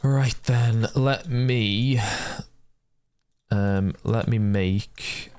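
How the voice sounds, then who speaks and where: A young man casually chatting with his stream viewers while playing a game, often swearing and yelling at the characters on screen. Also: fairly low pitch, very slow, smooth, no echo. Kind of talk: casual gameplay chat with viewers.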